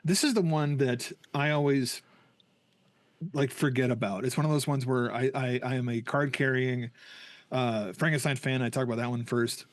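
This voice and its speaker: A man's voice: mid-range voice, fairly even intonation, normal speed, no room sound. A man hosting a podcast, chatting casually and enthusiastically, often stumbling and restarting. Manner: enthusiastic, rambling with many restarts. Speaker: podcast host. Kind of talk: casual chat.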